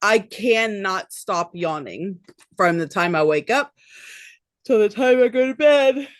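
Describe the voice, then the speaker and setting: A woman co-hosting a podcast, chatty and quick to laugh, her thoughts sometimes trailing off. Her pitch sits in the middle of the usual range. The sound is dry, with no room around it. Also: expressive, no room sound. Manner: chatty, laughs often, trails off mid-sentence. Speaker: podcast co-host. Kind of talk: casual chat.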